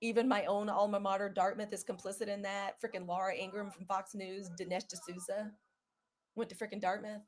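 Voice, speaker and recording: A young woman from the South, casually chatting to viewers in a live video, animated and saying y'all. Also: medium pitch. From Southern US (Mississippi). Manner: chatty and animated, says y'all, quotes others in lively put-on voices. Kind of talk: casual livestream monologue.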